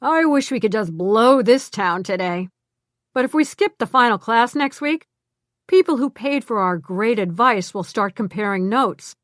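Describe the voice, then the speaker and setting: A woman's voice: fairly high pitch, unhurried, no room sound, studio quality, voice pushed up. A woman voicing a boastful male ex-con swindler who crows and talks emphatically. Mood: gloating. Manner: excited, crowing and emphatic.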